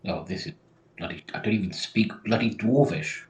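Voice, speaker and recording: A man with a very low voice, casually playing a tabletop game with dry, laid-back remarks. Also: moderate pace. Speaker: player.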